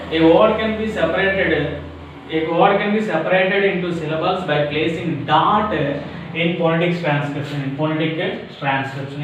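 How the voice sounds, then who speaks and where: A man with an Indian English accent teaching a lesson on syllables, repeating words and breaking them into parts, often asking if it is clear. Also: on the high side. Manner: repetitive, drills words syllable by syllable, asks "is it clear?". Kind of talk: classroom lecture on syllables. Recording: very echoey room, mic at a distance, faint noise.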